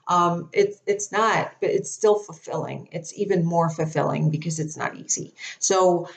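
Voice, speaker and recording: A woman speaking as a psychic medium, chatty and animated with many fillers and restarts, her throat dry. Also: fairly low pitch, measured pace, creaky. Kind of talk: casual storytelling to camera.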